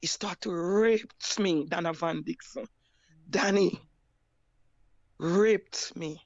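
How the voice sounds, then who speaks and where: A Jamaican woman giving a personal testimony, halting and repeating her words as she recounts. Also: fairly low pitch, a little mellow, dry recording, dull audio. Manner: halting, repeats words and restarts, plain broken grammar. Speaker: survivor sharing her story.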